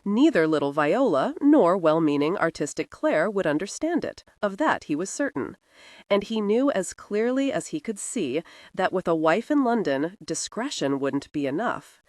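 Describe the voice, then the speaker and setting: A woman narrating a historical romance audiobook in an expressive, dramatic reading. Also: on the low side, moderate pace, no echo, studio quality.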